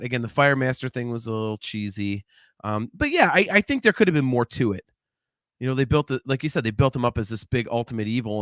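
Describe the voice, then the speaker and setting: A man's voice: mid-range voice, a bit bright, smooth, dry recording, clean studio sound. A man co-hosting a podcast, chatting casually about a movie, rambling with many fillers and restarts and laughing easily. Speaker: podcast co-host. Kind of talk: casual movie review chat.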